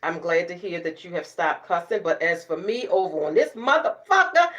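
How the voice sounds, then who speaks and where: A middle-aged woman vlogger, chatting casually to camera, sassy and loud, laughing often and cussing freely. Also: lowish voice, lively intonation, moderate pace, few pauses, highs cut off. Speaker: beauty vlogger.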